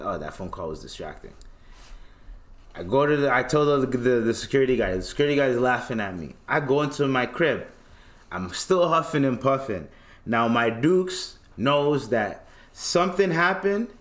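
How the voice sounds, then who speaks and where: A man hosting a podcast, telling a casual story in slangy talk and acting out the voices of the people in it. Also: mid-range voice. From Tanzania. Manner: animated, slangy, acts out quoted voices. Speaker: podcast host.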